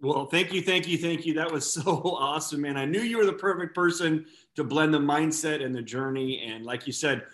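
A man's voice: a little high, brisk, hardly any pauses, a bit bright. Enthusiastic host man in a roomy echo. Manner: enthusiastic, grateful. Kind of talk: casual chat.

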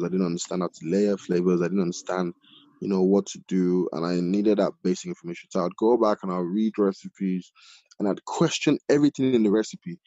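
Mellow-voiced chef telling his story. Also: low-pitched, no room sound. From Nigeria. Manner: animated, many fillers like "like" and "you know". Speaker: chef, podcast guest. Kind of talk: casual storytelling in an interview. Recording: dull lo-fi audio.

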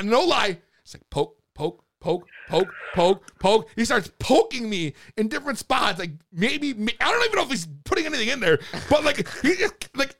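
A man telling a story in casual chat, excitable and full of swearing and slang. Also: high voice, vocal fry.

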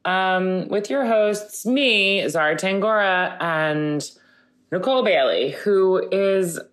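A woman's voice: medium pitch, slow pace. A woman hosting a podcast with a casual, rambling, joking solo intro, tired after a late night out. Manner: rambling, jokey. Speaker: podcast host.

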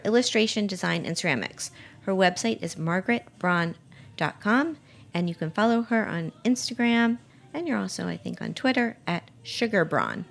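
New lady hosting a podcast, chatty, stumbles over her words a lot, mid pitch. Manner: chatty, stammering restarts, laughs easily. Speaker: podcast host. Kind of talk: casual interview chat.

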